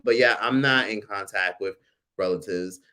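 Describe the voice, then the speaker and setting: A man in his forties hosting a casual livestream, telling a personal story with animated, profane delivery and reading viewer comments aloud. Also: on the low side, normal speed. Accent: American. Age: 40s. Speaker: livestream host.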